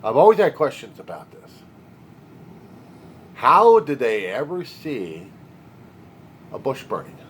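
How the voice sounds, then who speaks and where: A man's voice: medium pitch, wildly swooping pitch, slow, long pauses, slight background noise. A man talking alone in a video diary, rambling in a sardonic, wisecracking way. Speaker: video diarist. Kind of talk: rambling personal monologue.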